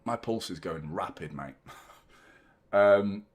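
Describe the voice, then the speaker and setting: Excitable football fan. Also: male voice, sits low, slow. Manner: excitable, swearing, chanting along. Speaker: fan channel host. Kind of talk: live football watchalong commentary.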